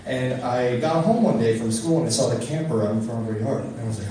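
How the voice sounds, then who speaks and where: A man's voice: medium pitch, fast, distant mic, slight background noise. Young male stand-up comic, roomy club. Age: young adult. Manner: animated storytelling, loud exasperated character bits. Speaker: stand-up comedian. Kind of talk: stand-up comedy set. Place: comedy club stage.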